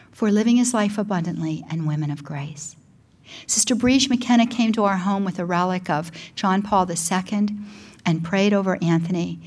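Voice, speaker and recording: An older woman giving an emotional spoken testimony, preaching at times in a near whisper, with a husky voice. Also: medium pitch. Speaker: Catholic speaker and broadcaster. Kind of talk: sermon.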